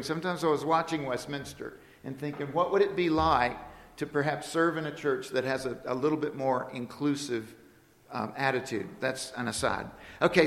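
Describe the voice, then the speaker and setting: In an echoey church hall, a guest preacher with a fairly high, fairly bright voice delivers a storytelling sermon from the sanctuary. He is playful and laughs at his own jokes as he goes.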